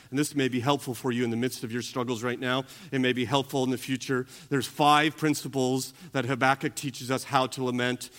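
A male pastor preaching a sermon, moving between quiet teaching and loud, emphatic preaching. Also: mid-range voice.

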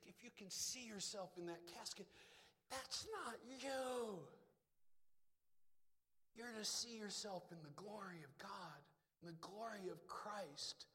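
A man preaching a sermon as a pastor, emphatic, swinging between loud declarations and hushed asides. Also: sits high, husky. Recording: long reverb hall.

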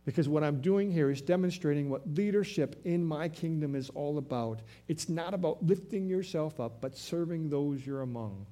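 A man preaching voices a calm, patient male teacher, speaking softly and low in a measured way. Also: natural voice. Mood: gentle.

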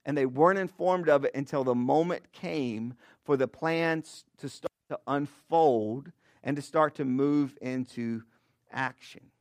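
A man's voice: medium pitch, a little slow. A man delivers a sermon as a pastor, talking to his congregation in a plain, conversational way and checking in with frequent "okay?" asides. His voice sits in a middle range. The sound is dry and close, with no room echo. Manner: conversational, joking asides with "all right?" and "okay?"; earnest prayer.

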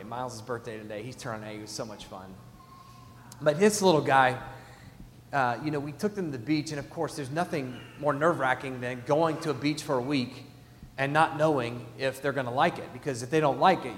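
A man in his thirties preaching a sermon as a pastor, telling stories with big swings from loud to hushed. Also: mid-range voice. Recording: echoey hall.

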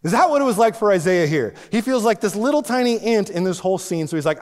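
Guy preaching a sermon, pitch all over the place, goes big then real quiet, long echo in a big church. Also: animated, fast talker, hardly any pauses. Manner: swings between loud emphatic and hushed lines. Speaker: pastor. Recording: long reverb of a large hall.

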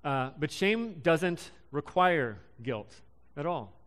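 A young man in his twenties giving a casual sermon, halting and full of ums and restarts. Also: on the high side, big pitch swings, a bit bright. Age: young adult. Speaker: preacher.

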